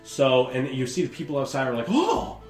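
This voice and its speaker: A man's voice: medium pitch, level tone, fast, echoey room, soft background music. A man running a tabletop game as game master, casual, laughing and swearing.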